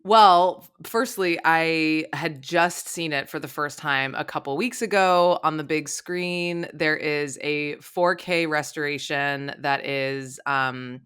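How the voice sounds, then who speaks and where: Female film critic guest, low pitch, smooth bright tone, easygoing and self-deprecating. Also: takes it slowly, hardly any pauses. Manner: laughs easily, self-deprecating. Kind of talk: casual podcast chat.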